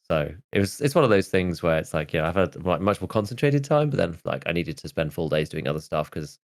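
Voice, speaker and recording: Low-voiced man rambling on a podcast. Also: animated, a little fast. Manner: rambling, full of "like" and restarts. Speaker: podcast host. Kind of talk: casual chat.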